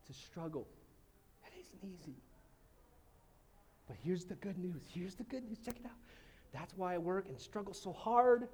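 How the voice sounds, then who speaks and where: A middle-aged male pastor preaching a lively, casual sermon with sudden shouted exclamations. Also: high-pitched, normal speed, long pauses, a little hiss or hum. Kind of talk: energetic sermon.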